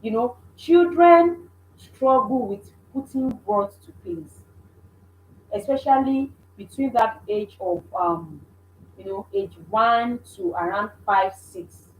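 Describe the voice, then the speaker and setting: Woman, parenting coach, earnest and repetitive delivery, higher voice, faint room hum. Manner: earnest, repeats points, frequent restarts. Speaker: mother. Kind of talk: instructive parenting talk. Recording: echoey room.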